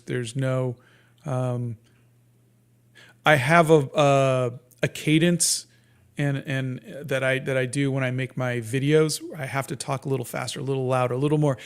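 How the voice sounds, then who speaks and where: A man in his fifties, a guest cartoonist talking casually in an interview, in a soft, sleepy-sounding voice with many halting restarts and fillers. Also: mid-range voice, smooth. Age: 50s.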